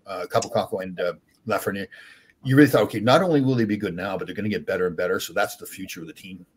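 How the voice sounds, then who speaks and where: An older man, a former hockey player, telling animated stories as a podcast guest with many restarts. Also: fairly low pitch, husky. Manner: animated, rambling anecdotes with frequent restarts. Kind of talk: casual storytelling.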